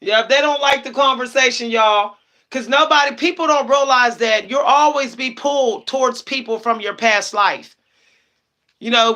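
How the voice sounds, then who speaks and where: A woman's voice: fairly high pitch, sharp tone. A young woman chatting casually on a livestream as a psychic, laughing often and repeating herself for emphasis.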